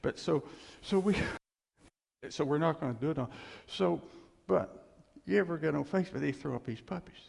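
An older man giving a casual, folksy sermon, chuckling often and teasing himself, with a gravelly voice. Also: a little high, moderate pace, pauses often, a little mellow. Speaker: preacher. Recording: reverberant hall.

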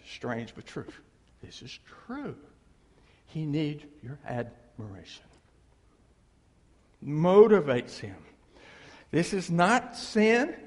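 A man preaching a sermon, emphatic and animated, acting out the people he quotes. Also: high-pitched. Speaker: pastor. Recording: long reverb of a big hall.

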